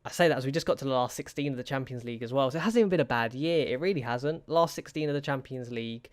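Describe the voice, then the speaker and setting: A man's voice: medium pitch, very fast, dry recording, studio quality. A young man giving casual, anxious commentary over a football management game, pleading with his players and muttering to himself. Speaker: gaming YouTuber.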